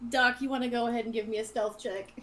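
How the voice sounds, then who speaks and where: A woman narrating as dungeon master in an online tabletop game, chatty and quick to laugh. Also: a little high, fairly even intonation, a bit bright, a little hiss or hum, rough recording. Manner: chatty, laughs often, restarts phrases.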